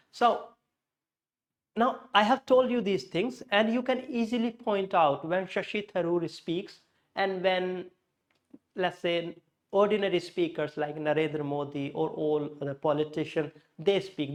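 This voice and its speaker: A man gives a spoken lesson on word stress, and his voice sits high for a man. He drills pairs of words one after the other and breaks off for chatty, informal asides to his learners. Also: normal speed. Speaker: English pronunciation teacher.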